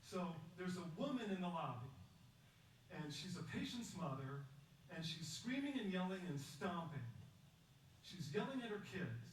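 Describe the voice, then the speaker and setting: A man giving a prepared public talk, measured and emphatic, telling a story and asking rhetorical questions. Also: high voice, sing-song. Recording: echoey distant recording with faint background noise.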